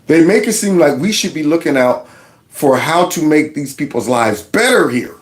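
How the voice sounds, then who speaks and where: Animated high-voiced male commentator. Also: normal speed. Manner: animated, mocking, laughs often; quotes others in a mock voice. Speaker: commentary host. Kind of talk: casual political commentary.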